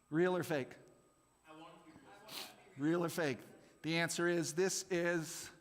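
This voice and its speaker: High, animated man in a reverberant hall. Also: slow, pauses often. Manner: animated, jokey, laughs often. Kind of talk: playful quiz with a youth group. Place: church service room.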